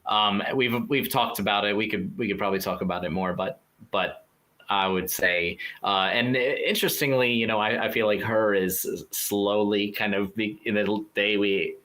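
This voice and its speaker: A man's voice: on the low side, normal speed, sharp tone. A man co-hosting a podcast in casual chat, rambling loosely and laughing often. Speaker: podcast co-host.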